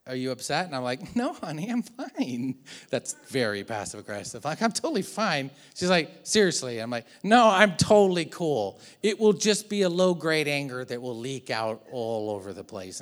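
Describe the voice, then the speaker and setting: A man preaching a church sermon, animated and joking, acting out little asides as he goes. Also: mid-range voice. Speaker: pastor.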